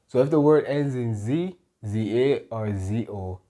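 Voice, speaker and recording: A man's voice: medium pitch, dark tone. A man teaching a Spanish lesson, patiently explaining rules, checking in with "okay?" and correcting himself as he goes. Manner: pauses and corrects himself mid-sentence. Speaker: Spanish tutor.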